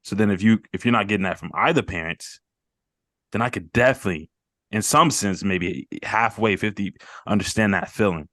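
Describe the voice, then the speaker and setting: A man's voice: on the low side, fairly quick, a bit bright, no room sound, clean studio sound. A man hosting a mental health group call, talking earnestly and rambling, repeating words and laughing off his emotions.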